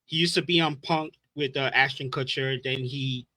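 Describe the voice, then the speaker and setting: A man co-hosting a podcast, excitable and profane, reacting quickly and telling his own stories. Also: medium pitch, dry recording. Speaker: podcast co-host. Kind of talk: casual chat, storytelling.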